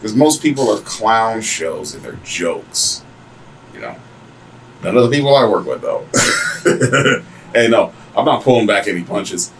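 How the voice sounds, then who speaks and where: A man hosting a podcast, telling stories casually in a crude, mocking, animated way. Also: lowish voice, unhurried, slight background noise, low-quality recording. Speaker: podcast host. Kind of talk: casual profane storytelling.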